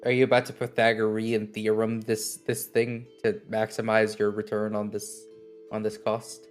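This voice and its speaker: A man chatting casually as a player in a tabletop game, quick with jokes and prone to stammering as he begins a thought. Faint music runs underneath. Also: on the low side, monotone. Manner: quick, joking, stammers on starts.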